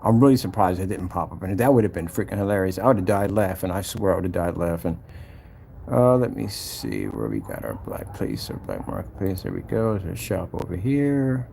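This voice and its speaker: A man's voice: deep voice, very animated, a little fast, gravelly, mellow, a little hiss or hum. A man giving casual screen-share commentary about his own product, mocking and exasperated, repeating his points as he clicks through a website. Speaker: company owner showing his product site.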